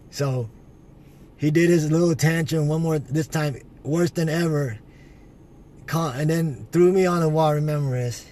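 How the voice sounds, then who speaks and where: A man telling an emotional personal testimony to his viewers, earnest and halting, with many restarts and a repeated "man". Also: mid-range voice, mellow, slight background noise. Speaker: vlogger sharing a personal testimony.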